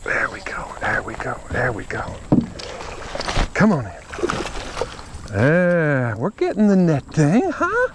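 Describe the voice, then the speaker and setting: Fishing on the water, a vlogger talks to camera in a slightly high voice, going slowly and pausing often amid background noise. He gets excited and exclaims, addressing his viewers directly in casual talk.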